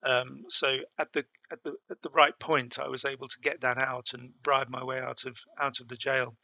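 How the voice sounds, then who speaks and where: A middle-aged man recalls his past journeys for an interviewer. His voice is bright and gravelly, with many fillers and restarts. The sound is close and dry. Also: mid-range voice, flat delivery, moderate pace, no room sound, highs cut off. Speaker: interview guest. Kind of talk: storytelling in a conversation.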